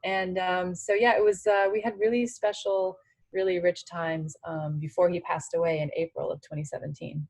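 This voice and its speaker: A woman's voice: on the low side, fairly even intonation, moderate pace, a little mellow, no room sound, rough recording. A woman in her forties, a former tennis player, speaking candidly in an interview, full of "you know" fillers.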